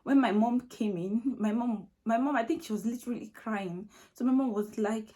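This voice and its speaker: A woman's voice: a little high, moderate pace, a little mellow. A young Nigerian woman with a Nigerian accent, emotionally retelling a personal story to camera in a repetitive, filler-heavy way. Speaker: vlogger.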